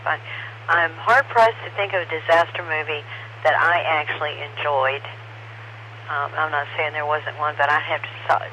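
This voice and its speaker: A woman's voice: deep voice, bright, forceful tone, poor audio. A woman on an amateur radio net, talking casually and giving blunt, mildly sarcastic opinions. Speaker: ham radio net participant. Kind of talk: casual on-air chat over radio. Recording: radio audio with faint hiss.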